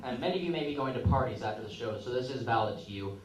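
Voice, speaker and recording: A man's voice: mid-range voice, very fast, a loud crowd. Young man doing crude stand-up in an echoey club. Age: young adult. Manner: crude, rambling, self-mocking delivery with asides. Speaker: stand-up comedian. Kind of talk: open-mic stand-up set. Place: comedy club stage. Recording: echoey room, picked up from a distance.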